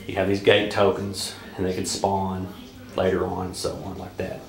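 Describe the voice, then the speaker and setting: A man with a Southern US accent casually walking through a board game's rules, halting often with filler sounds and restarts. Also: low voice, monotone. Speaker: board game reviewer. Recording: echoey room.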